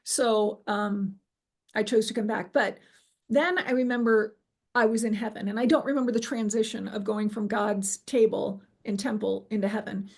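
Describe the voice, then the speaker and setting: A middle-aged woman recounting a personal near-death experience in an interview, animated and acting out what people said, with frequent fillers. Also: medium pitch, gravelly. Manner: animated storyteller, acts out quoted dialogue, frequent fillers. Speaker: guest telling her near-death experience.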